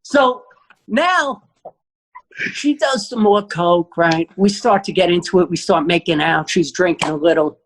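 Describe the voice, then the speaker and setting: A man, a comedian guest, telling a wild story in a punchy, profane, animated way. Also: sits high, unhurried, slight background noise. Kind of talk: comic storytelling.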